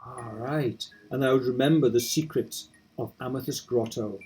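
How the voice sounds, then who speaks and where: A man's voice: mid-range voice, moderate pace, breathy edge, poor audio. A man reading Alita, an earnest young hero. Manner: steady, earnest narration of resolve. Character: determined young hero of a monster-trainer game. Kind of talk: reading game dialogue aloud.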